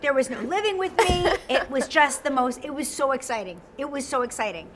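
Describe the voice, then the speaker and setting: A middle-aged woman co-hosting a morning talk show, chatting in a lively, animated way, laughing and acting out quotes. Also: high-pitched, fairly quick, heavy background noise. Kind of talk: lively casual chat. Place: TV studio.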